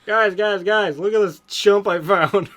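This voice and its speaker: A man voicing an eager schoolboy wizard in a smooth, radio-like voice for a comedic fanfiction reading. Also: fairly high pitch, sing-song, moderate pace, fairly bright tone.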